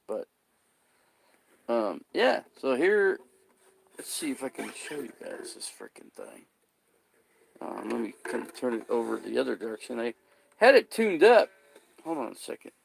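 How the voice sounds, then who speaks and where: A man's voice: lowish voice, gravelly. A man talking casually to his camera, rambling, swearing and repeating himself as he gets worked up. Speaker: vlogger.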